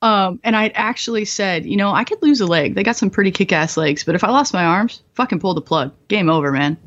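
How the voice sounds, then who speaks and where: A young woman guest in her twenties, telling dark stories bluntly and profanely, often laughing, in a slightly muffled recording. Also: medium pitch, fairly quick. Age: 20s. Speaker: guest, former bomb disposal technician. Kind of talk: candid storytelling interview.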